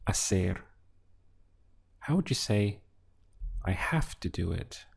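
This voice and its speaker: A low-voiced man leads a drill-style language lesson. He speaks very slowly and with a gravelly edge, setting out each phrase and then answering it word by word. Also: very animated. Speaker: language teacher.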